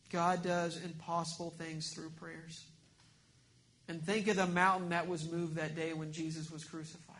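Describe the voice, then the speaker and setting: A man preaching a sermon, earnest, swinging between emphatic points and hushed lines. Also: on the high side. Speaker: pastor.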